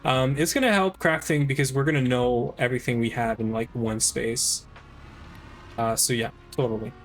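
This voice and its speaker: A man's voice: medium pitch, steady tone, normal speed, soft background music. A man live-streaming a game, chatting casually with friends, rambling with many fillers and restarts.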